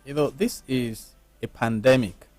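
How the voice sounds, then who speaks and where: A man, a lawyer on a panel, explaining his views in a measured, lecturing way. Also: medium pitch, a little mellow, no room sound, faint music behind. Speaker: lawyer guest. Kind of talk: panel discussion.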